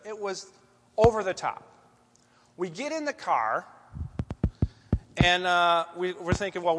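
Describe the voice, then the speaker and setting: A man telling a story from the pulpit in an animated, conversational way, as a church speaker giving a sermon. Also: fairly high pitch, background noise. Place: church sanctuary. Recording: long echoey church hall reverb.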